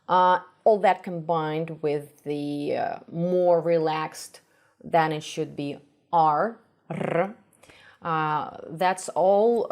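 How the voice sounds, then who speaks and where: A young Russian woman with a Russian accent gives a pronunciation lesson, stopping often to say sounds over and over. Her voice sits a little low and she talks at an unhurried, slow pace, with plenty of pauses. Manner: explains slowly with many uh fillers, repeats sounds to demonstrate. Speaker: language teacher. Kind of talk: reaction video with pronunciation lesson.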